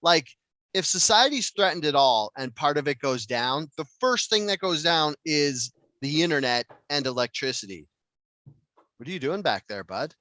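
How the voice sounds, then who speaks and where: Man, podcast co-host, bright forceful tone, slightly high voice, dry close sound, rambling and profane. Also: expressive, moderate pace, dry recording. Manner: rambling, frequently swearing. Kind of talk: casual podcast chat.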